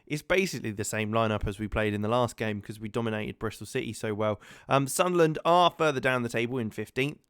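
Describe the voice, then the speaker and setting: Brief: guy, chatty let's-play commentary, smooth clear voice, dry close sound. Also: medium pitch, fast, few pauses, a bit bright, no echo. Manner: chatty, many ums and repeated words. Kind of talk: casual gaming commentary.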